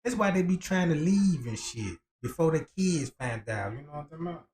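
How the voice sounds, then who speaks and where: A man's voice: a little high, animated, fairly quick, a little mellow. A man on a casual livestream, telling crude, profane stories in slang and acting out the quotes, often asking whether you know what he's talking about.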